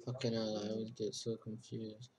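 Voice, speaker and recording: A man's voice: fairly low pitch, completely flat delivery, normal speed, a crowd in the background. A young man chatting loosely and swearing while he draws on a livestream from his desk at home. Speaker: livestreamer drawing. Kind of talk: casual chat while working.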